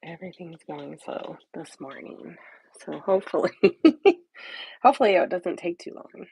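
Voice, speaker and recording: Woman, crafting livestream host, casual home chat, very husky and airy, dry close sound, rambling with whispered asides. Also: on the low side, expressive, measured pace, dark tone, no echo, rough recording. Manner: rambling, muttering half-whispered asides to herself. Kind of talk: casual live-stream chat. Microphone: phone or tablet.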